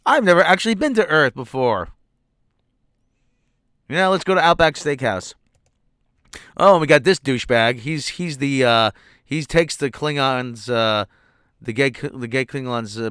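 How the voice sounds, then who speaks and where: A man's voice: mid-range voice, unhurried, pauses often, a bit bright, smooth, dry recording, clean studio sound. A man ranting sarcastically and with profanity while reviewing a show, exasperated throughout. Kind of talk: ranting commentary.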